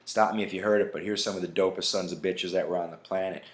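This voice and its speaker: A deep-voiced man in his thirties hosts his own podcast, talking in an emphatic, profane rant. He keeps checking in with "right?" and "all right?". The recording has a noticeable roomy echo. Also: steady tone, fast. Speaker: podcast host. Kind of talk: casual solo podcast rant. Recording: echoey room.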